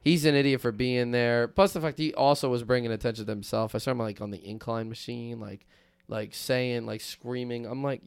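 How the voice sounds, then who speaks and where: A man hosting a casual podcast, talking in a calm, measured and agreeable way. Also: mid-range voice, vocal fry, clean tone, dry recording. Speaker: podcast host.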